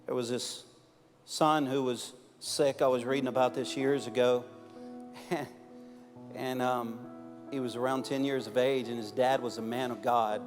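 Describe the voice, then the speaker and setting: A man preaching a sermon as a pastor, swinging from loud, emphatic peaks down to soft, close storytelling. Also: mid-range voice, fairly even intonation, a little slow. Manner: impassioned, rising to loud emphatic peaks then dropping soft. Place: church auditorium. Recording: large hall reverb with faint music behind.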